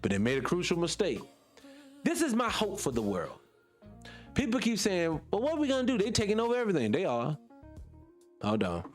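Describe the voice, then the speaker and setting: In a mid-range voice and a Southern US accent, a male radio host rolls through an improvised monologue. He's animated and preachy, peppering it with rhetorical questions and offhand swearing.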